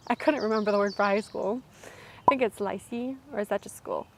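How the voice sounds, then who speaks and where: A woman's voice: medium pitch, brisk, noisy background. A young adult woman and college student telling a story to camera in a chatty, self-deprecating way. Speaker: vlogger, college student of French.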